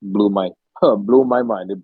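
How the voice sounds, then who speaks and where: A man's voice: fairly low pitch, a little slow, breathy edge, no echo, narrow, tinny audio. A young man co-hosting a podcast, chatting casually and telling stories with lots of swearing, acting out the screams and gasps. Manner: animated storyteller, swears freely, acts out screams and gasps. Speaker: podcast co-host. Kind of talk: casual chat.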